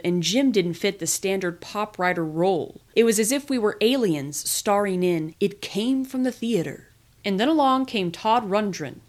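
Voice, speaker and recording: A woman reading a memoir aloud in the first person, with lively, expressive storytelling. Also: mid-range voice. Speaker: podcast reader.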